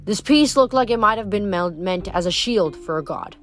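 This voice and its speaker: A woman reading a novel aloud in a steady, expressive voice. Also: mid-range voice, moderate pace, a little hiss or hum. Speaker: audiobook reader.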